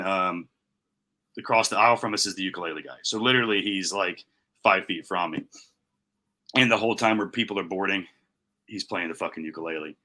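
A man co-hosting a casual podcast, telling a long story in rapid bursts and cursing freely. His voice sits fairly low but comes across bright and forceful. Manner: profane, animated storytelling. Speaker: podcast co-host. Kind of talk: casual chat.

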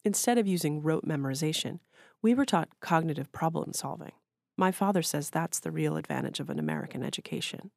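A woman reading the lines of a prim, self-assured young woman analyst in a low, gravelly voice. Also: sing-song, brisk, darkish tone, dry recording, studio quality, heavily acted. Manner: prim and matter-of-fact.

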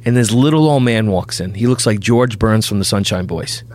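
A middle-aged man from New York, a podcast guest telling a lively anecdote who jumps into high, loud voices for the people he quotes. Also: normal speed, no room sound. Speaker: podcast guest, bail bondsman.

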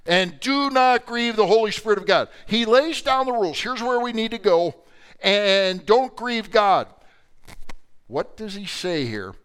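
Older male Bible teacher, slightly high voice, emphatic with hushed asides, live church class. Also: animated, measured pace, clear, resonant tone. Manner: dynamic, swings from loud emphasis to quiet asides. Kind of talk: sermon-style Bible teaching.

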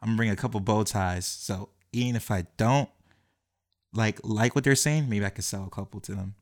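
Young man, lowish voice, animated storytelling, quick pace, acts out dialogue. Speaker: guest telling his story.

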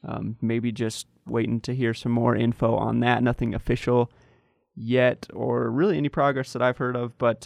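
A young man hosting a casual sports podcast, relaxed and chatty with many fillers. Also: mid-range voice, creaky, no room sound, clean studio sound. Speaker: podcast host.

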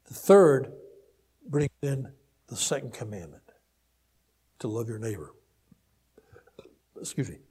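A man preaching a counseling-focused sermon to a live audience, swinging between emphatic peaks and quiet asides, then leading a prayer. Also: medium pitch, slow, pauses often, breathy edge. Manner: animated, rising to emphatic peaks and dropping to soft asides. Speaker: pastor. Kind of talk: sermon teaching ending in prayer.

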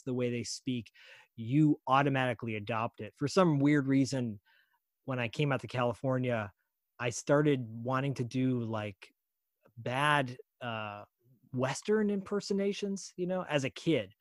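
A man talking as a guest voice actor on a podcast, easygoing and quick to laugh, often restarting his sentences. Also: medium pitch, no echo, clean studio sound. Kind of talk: casual podcast chat.

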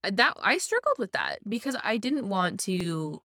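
A woman with a mid-range voice speaks reflectively about her own experience in a casual podcast chat, sometimes pausing and restarting. Her voice is dry and close-miked. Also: mid-range voice, big pitch swings, sharp tone, dry recording. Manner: reflective, personal, hesitant restarts. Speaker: co-host.

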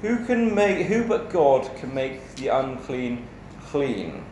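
A man preaching a sermon in a measured, emphatic way, asking rhetorical questions. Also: mid-range voice, sing-song, a little mellow, a little hiss or hum. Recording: echoey church hall with faint ambience.

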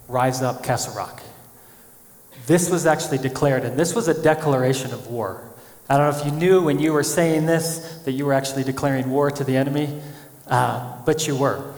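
A man preaching a sermon as pastor, animated, acting out quoted voices as he speaks. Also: medium pitch. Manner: animated, acts out quotes of God and people. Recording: echoey church hall.

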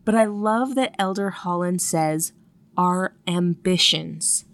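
A woman's voice: lowish voice, takes it slowly, dry recording. Earnest woman teaching a scripture lesson. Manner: earnest and emphatic, stacking repeated phrases. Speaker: gospel study teacher. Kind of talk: devotional lesson.

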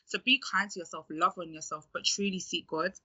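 A woman with a London accent talks about faith in an encouraging, preachy way. Her voice is very bright and cutting. The recording sounds dull and lo-fi. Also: on the low side, steady tone, a little fast. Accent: London English. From England. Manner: encouraging, preachy, laughs often. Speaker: podcast guest. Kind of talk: faith-based podcast chat.

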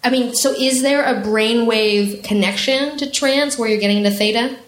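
A woman hosting a live talk, with a fairly high voice and a playful, animated way of asking questions. The room around her echoes. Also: moderate pace. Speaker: host. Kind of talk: live podcast conversation.

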